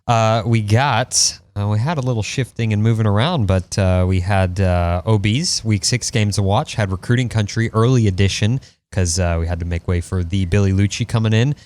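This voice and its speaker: A somewhat low-voiced man introduces the show's segments in a casual, halting manner. He stops and restarts often, filling gaps with little pauses. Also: darkish tone. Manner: loose and halting, with many fillers. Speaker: show host. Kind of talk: casual show rundown.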